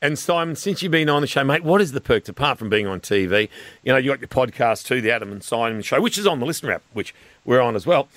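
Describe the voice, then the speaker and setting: A man's voice: medium pitch, animated, fast, fairly bright tone, no room sound. A man with an Australian accent hosting breakfast radio, joking and laughing often with his guests. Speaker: radio host.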